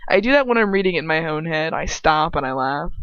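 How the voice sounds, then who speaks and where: A woman reads first-person fan fiction aloud at home. She pauses often for chatty asides and laughs at her own slips. Her voice sits low, and the recording is dry and a bit dull. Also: lively intonation, fairly bright tone, no echo. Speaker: amateur audiobook reader.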